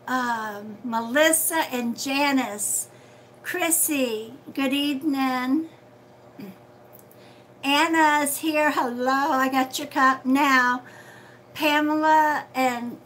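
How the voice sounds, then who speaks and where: Lady doing a livestream reading, bright voice, talks slow, says sweetheart a lot. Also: high-pitched, a little hiss or hum, poor audio. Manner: chatty, calls viewers sweetheart. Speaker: psychic reader hosting a livestream. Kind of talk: casual livestream chat, greeting viewers.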